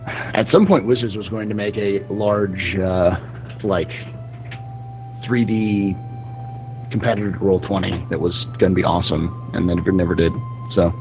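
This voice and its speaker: A man's voice: deep voice, steady tone, normal speed, long pauses, narrow, tinny audio, soft background music. A man playing a tabletop game who rambles and fills gaps with "like" and "um.". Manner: rambling, filler-heavy. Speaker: player.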